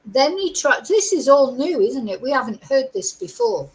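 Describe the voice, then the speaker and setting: A woman's voice: high-pitched, sing-song, moderate pace, poor audio. A middle-aged woman, hosting a chatty live-stream commentary, reading out news and asking her viewers rhetorical questions. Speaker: host.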